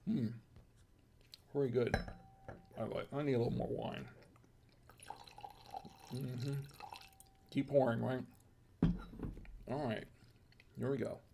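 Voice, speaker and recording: A man hosting a home wine and cheese tasting, talking casually and thinking aloud with restarts and quiet asides. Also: mid-range voice, steady tone, slow pace, creaky, pauses often, background noise. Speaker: host of a wine tasting show.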